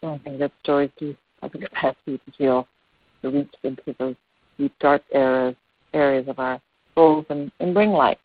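A woman yoga teacher with a husky bass voice and fairly even intonation talks at normal speed, earnest and meandering, with many fillers. She's on a video call through a phone, so the audio is dry and tinny with no room sound.

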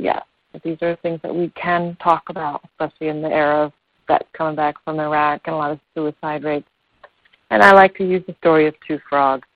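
A woman's voice: deep voice, vocal fry, no room sound. A woman yoga teacher giving an earnest, meandering talk over a video call, with many fillers. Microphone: phone on a video call. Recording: dry, tinny phone-like call audio.

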